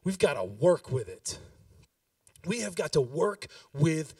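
A man's voice: fairly high pitch, big pitch swings, a little slow, a little mellow, breathy edge, dry recording, clean studio sound, far from the mic. A pastor in his thirties giving a sermon, talking with the congregation and building to emphatic exhortation.

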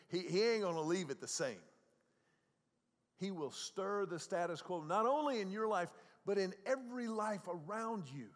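A man preaching a sermon as a pastor. He talks in a conversational way, often repeats words, and swings between soft, quiet passages and loud, raised ones. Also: sits high, moderate pace, big-room sound.

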